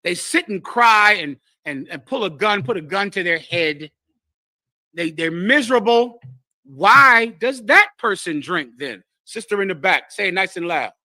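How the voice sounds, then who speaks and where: A man leads a scripture class in a forceful, bright voice pitched high for a man. He preaches with lively call-and-response and singles out people in the room. The sound is dry and close. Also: moderate pace, few pauses, no echo. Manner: animated call-and-response, addresses listeners directly. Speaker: teacher leading a scripture class. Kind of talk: preaching to a live congregation.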